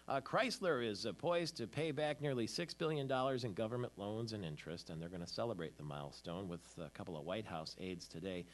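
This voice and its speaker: A man's voice: on the low side, slight background noise. A man hosting a morning show, chatting casually about the news with frequent fillers. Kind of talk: casual chat and news talk.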